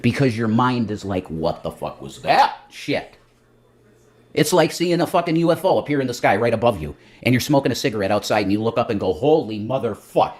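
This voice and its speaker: Husky, rambling, profane male streamer. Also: mid-range voice, quick pace, hardly any pauses. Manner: profane, rambling and self-mocking. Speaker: livestream host. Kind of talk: rambling casual livestream talk.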